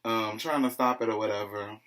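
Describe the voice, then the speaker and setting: A man's voice: fairly low pitch, steady tone, a little fast, fairly bright tone. A man casually recapping a reality TV episode in a chatty, gossipy way, often calling the listener "child".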